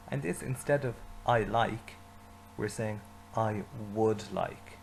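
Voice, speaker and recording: Man, language teacher, patient step-by-step lesson, gravelly voice, faint noise behind. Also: mid-range voice, poor audio. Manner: slow repetition, leading learners to say phrases with him.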